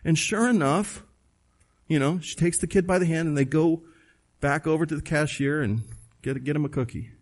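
Male pastor, slightly higher voice, emphatic conversational preaching, checks in with the listeners. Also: normal speed. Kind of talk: sermon.

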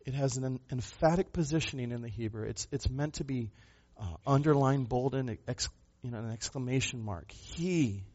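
A pastor preaching a sermon, a man who speaks with emphasis, asks rhetorical questions and moves between loud and soft passages. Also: mid-range voice, normal speed, few pauses, dull audio.

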